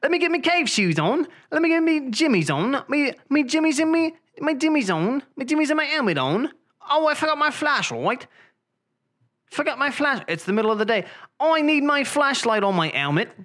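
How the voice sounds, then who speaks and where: Man doing a chirpy put-on british accent, high-pitched, sing-song, playful. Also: very animated, moderate pace, a bit bright, full character voice.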